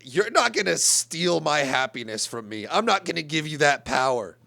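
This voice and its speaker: A man's voice: fairly high pitch, big pitch swings, normal speed, creaky, pushed and bright, heavily acted. A man voicing a defensive, touchy male rideshare driver who stammers with wounded indignation.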